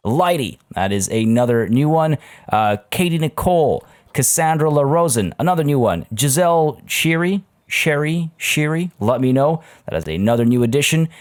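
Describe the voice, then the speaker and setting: A man's voice: medium pitch, darkish tone. A man talking casually as a gaming YouTuber over a let's play, chatty and rambling with many fillers.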